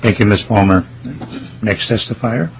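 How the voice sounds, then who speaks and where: Low-voiced committee chair, courteous and procedural, faint noise behind. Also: male voice, poor audio. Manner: brisk, courteous.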